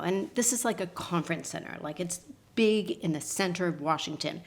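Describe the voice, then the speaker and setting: A woman, a podcast guest telling a personal story with lively voice shifts for the people in it. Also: mid-range voice, normal speed. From Canada. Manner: acts out quotes with lively voice shifts and laughs.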